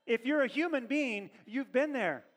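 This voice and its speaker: Man, pastor type, high-pitched, chatty lively sermon delivery, talks straight to the congregation. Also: moderate pace. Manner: conversational, animated preaching with asides to the congregation.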